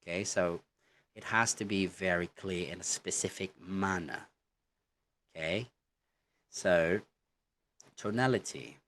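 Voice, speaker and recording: Slow, deep-voiced male English teacher. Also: fairly bright tone, slight background noise. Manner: slow and deliberate, keeps checking with "okay?". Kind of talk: online English lesson.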